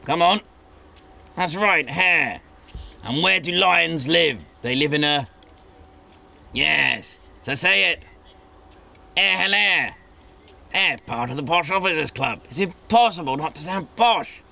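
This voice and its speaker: A man voicing a posh, pompous elderly male teddy bear who was once a wing commander, talking in plummy, drawn-out exclamations. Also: fairly high pitch, animated, vocal fry, pushed and bright, voice pushed up, heavily acted. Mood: jolly.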